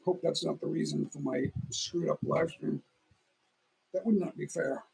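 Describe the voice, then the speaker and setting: The host, a middle-aged man, rambles casually on a phone livestream while eating, tired and often beginning sentences again. His voice is a little high and gravelly, darkish and slightly rough, with fairly even intonation at a moderate pace; the recording is rough.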